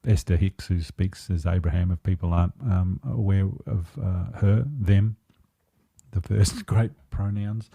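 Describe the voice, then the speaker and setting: A man with a low, very dark and mellow voice talks earnestly as a coach in a podcast interview. He is reflective and unhurried, recorded close and dry with no room sound. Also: vocal fry, husky, dry recording. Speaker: empowerment coach.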